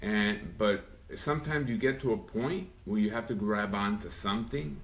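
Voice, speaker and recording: A man, an evangelist guest, giving a halting personal testimony and repeating words as he speaks. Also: fairly low pitch, a little hiss or hum. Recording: echoey, from a distance.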